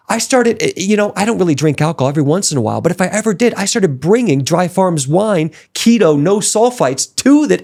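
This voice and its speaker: This is a high-pitched, creaky male voice belonging to a podcast guest in an informal interview. He relates his life story with motivational emphasis, his energy rising the further he goes.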